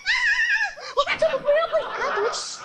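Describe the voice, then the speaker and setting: A woman's voice: extremely high pitch, quick pace, raised voice, heavy background noise, voice pushed up. A woman voicing a vain wicked witch in a screeching, theatrical way. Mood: shrieking.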